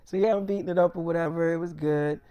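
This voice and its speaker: A man's voice: fairly high pitch, steady tone, quick pace, dark tone, smooth, no room sound. A man telling a crude story in a loose, rambling way, quoting both sides of the talk. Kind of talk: casual freestyle storytelling.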